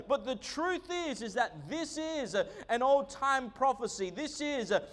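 A man, a pastor preaching a sermon in a very high voice. He talks slowly and deliberately, pressing his points with emphasis and filling his pauses with frequent "uh"s. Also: a bit bright.

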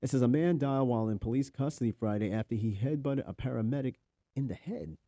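A man's voice: medium pitch, quick pace, warm tone, dry recording. Profane New York man reading the news. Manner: profane, offhand, reads articles aloud with asides. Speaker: podcast host. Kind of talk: casual news commentary.

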